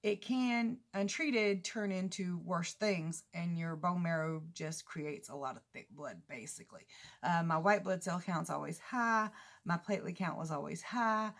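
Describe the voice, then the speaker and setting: Gravelly-voiced chatty woman. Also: measured pace. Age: 40s. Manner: chatty, rambling, laughs a lot, mimics others in high voices. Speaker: keto vlogger. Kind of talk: casual chat to camera.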